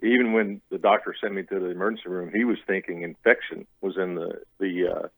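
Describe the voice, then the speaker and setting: A man's voice: low-pitched, steady tone, a little fast, creaky, a bit bright, breathy edge, no echo, rough recording. A man in his late fifties from Louisiana, telling his story as a radio interview guest, rambling with restarts. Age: 50s. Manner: rambling storyteller with restarts, acts out what others said.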